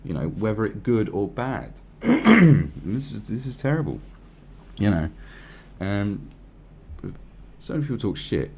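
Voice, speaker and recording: Deep, lively-voiced sarcastic man. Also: a little slow, slight background noise. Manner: profane, rambling, sarcastic. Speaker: commentator. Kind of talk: commentary on a news article.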